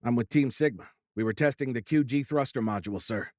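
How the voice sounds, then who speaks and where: A man's voice: mid-range voice, a little fast, darkish tone, no room sound, clean studio sound, lightly acted. A man playing a formal military officer. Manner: formal, respectful, confused. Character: earnest male Air Force lieutenant colonel.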